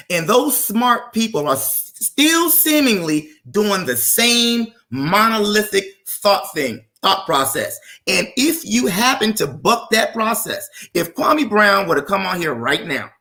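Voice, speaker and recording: A man's voice: sits high, pushed and bright. A man arguing politics on an open panel, speaking with impassioned, rhetorical emphasis.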